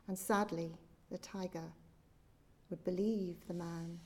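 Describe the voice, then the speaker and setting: A woman minister tells a story to her congregation. Her tone is warm and mellow, her pitch sits in the middle and the telling is gentle and expressive. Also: measured pace. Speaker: minister leading a service. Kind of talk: storytelling in a church service.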